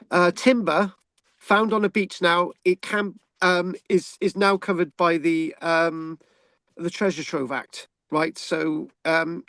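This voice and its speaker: A man's voice: sits high, dry recording. A man from England hosting a casual history talk, rambling with frequent ums and repeated words as he reads out the news. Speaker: history channel host.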